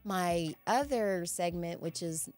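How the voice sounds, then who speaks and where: A woman's voice: fairly low pitch, takes it slowly, darkish tone, faint music behind. A woman co-hosting a casual book-club podcast, talking frankly and explaining her points at length. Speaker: podcast co-host.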